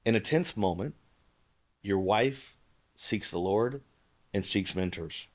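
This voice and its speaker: A man hosting the conversation, reflecting on the guests' story and stretching his words slowly to stress each point. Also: fairly low pitch, animated. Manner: slow, deliberate, drawn-out words when stressing a point. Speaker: host. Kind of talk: reflective podcast commentary.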